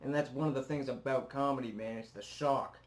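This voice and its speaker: A man's voice: medium pitch, brisk. A man hosting a casual reaction video, laid-back, swearing freely and laughing easily. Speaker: YouTube reaction host.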